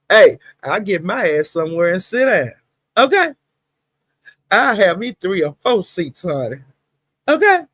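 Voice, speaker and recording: A woman hosting a casual livestream, chatting and laughing, greeting viewers by name with drawn-out exclamations. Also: medium pitch, sing-song, no room sound. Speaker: livestream host.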